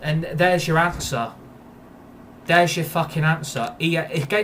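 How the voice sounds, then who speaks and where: A man's voice: fairly high pitch, unhurried, fairly bright tone, slight background noise. A man angrily ranting about a video game, repeating himself and swearing. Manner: furious, repetitive, swearing. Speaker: gaming YouTuber. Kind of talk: angry gameplay rant.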